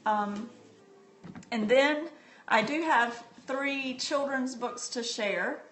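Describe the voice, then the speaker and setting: A woman's voice: high voice, extremely slow, fairly bright tone, a little hiss or hum. Chatty middle-aged woman, echoey room. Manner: chatty and heartfelt, with frequent ums. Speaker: livestream host sharing books. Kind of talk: casual live-stream book talk. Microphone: phone. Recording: echoey room, phone mic.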